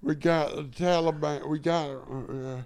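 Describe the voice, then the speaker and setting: A man's voice: a little high, steady tone, gravelly, a little mellow, clear, resonant tone. Man doing a stammering old southern president. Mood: rambling. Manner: stammering, halting, drawn-out filler sounds. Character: rambling crude old male president. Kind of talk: comedic improv impression.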